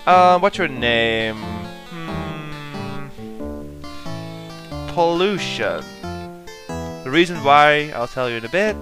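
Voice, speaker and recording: A man's voice: a little high, animated, takes it slowly, pauses often. A man giving casual let's play commentary, reading game clues aloud and muttering at his mistakes, with game music behind. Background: guitar game music.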